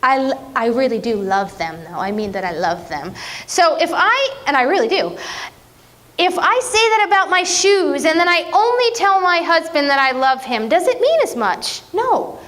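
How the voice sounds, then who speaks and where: A woman preaching a conversational sermon, playful and self-mocking, with lively jokes. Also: sits high.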